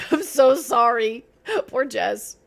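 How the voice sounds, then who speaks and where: A woman's voice: fairly high pitch, takes it slowly, gravelly. A woman streaming a game, chatting playfully with her viewers and herself. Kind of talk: casual live-stream chat while gaming.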